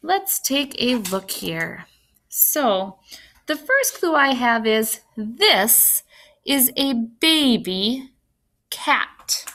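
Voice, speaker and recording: A woman teacher giving an online phonics lesson to young children, speaking slowly and clearly and sounding out words with encouragement. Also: sits high, a bit bright.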